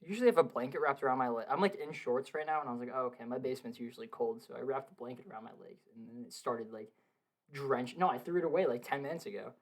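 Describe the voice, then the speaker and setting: A young man chatting casually on a podcast from his home basement, excitable, swearing a lot and laughing often. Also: medium pitch, fast. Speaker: podcast co-host. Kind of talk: casual film review chat.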